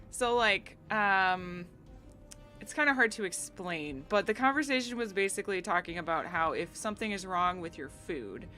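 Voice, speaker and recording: A woman's voice: medium pitch, pushed and bright. An American woman streaming live, chatting casually with viewers in a giggly, filler-heavy way.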